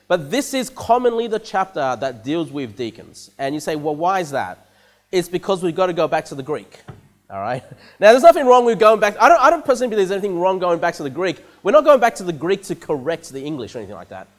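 A man's voice: high-pitched, very animated, quick pace. A man preaching a conversational sermon as pastor of a church, often repeating words and checking in with the congregation with "okay?" and "you know".

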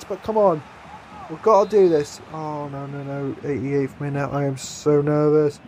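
A young man commentating his own football video game, excitable, swearing and shouting at his players. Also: fairly high pitch, unhurried, a little hiss or hum. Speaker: gaming YouTuber.

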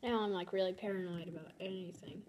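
A woman's voice: medium pitch, steady tone, quick pace, a little mellow, a little hiss or hum. A young woman giving casual, dramatic commentary over her own gameplay. She is easily flustered and repeats her exclamations. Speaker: gamer.

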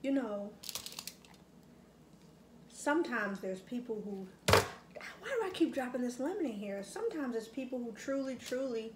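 A woman's voice: fairly high pitch, big pitch swings, measured pace, pauses often, background noise. Middle-aged woman vlogging while eating, echoey room. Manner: reflective, reminiscing, frequent fillers. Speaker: mukbang vlogger. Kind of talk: casual chat while eating. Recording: echoey room with faint ambience.

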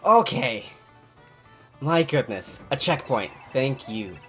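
A man hosting a gaming channel, giving excitable let's play commentary and talking to himself as he plays. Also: medium pitch, slow pace, soft background music. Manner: excitable, talks to himself while playing.

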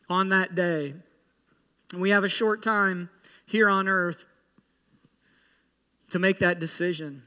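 Bright high-voiced man preaching emphatically. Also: long reverb tail. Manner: emphatic preaching with rhetorical questions. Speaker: pastor. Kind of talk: sermon. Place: church sanctuary.

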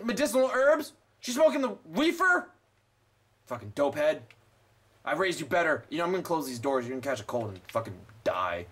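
A man's voice: on the high side, a bit bright, husky. A young man commenting on his gameplay, swearing constantly and ranting sarcastically. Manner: profane, sarcastic, rambling. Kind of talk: let's play commentary.

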